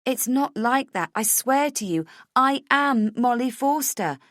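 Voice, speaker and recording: A woman voicing a frantic young wife who is sure she is being hunted, urgent and pleading, at times shouting. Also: fairly high pitch, animated, a little slow, no room sound, studio quality, voice pushed up. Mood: insistent.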